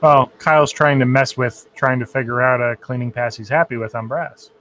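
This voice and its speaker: A man's voice: medium pitch, steady tone, normal speed, fairly bright tone, slight background noise. A man hosting a livestream, answering viewer questions in an easygoing, direct way. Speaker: livestream host. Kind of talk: casual livestream chat.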